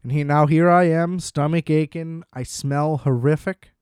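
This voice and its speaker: Young adult man, casual comedic monologue. Smooth voice, dry room sound, sardonic rambling delivery. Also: on the high side, steady tone, unhurried, darkish tone, no room sound. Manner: rambling, sardonic, self-deprecating. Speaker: solo storyteller. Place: small room at home.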